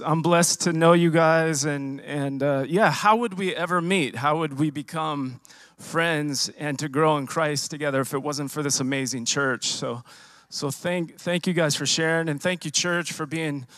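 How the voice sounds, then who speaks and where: A man's voice: a little high, fairly bright tone, dry recording. Church musician, man, tenor-ish, emotional testimony, lots of restarts, dry close sound. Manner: emotional, halting, many restarts and repeats. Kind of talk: personal testimony to a congregation. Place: church sanctuary. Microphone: handheld microphone.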